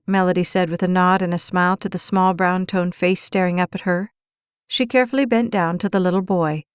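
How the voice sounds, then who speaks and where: A woman's voice: lowish voice, steady tone, a little fast, clean tone, no echo, clean studio sound. Woman narrating a romance audiobook.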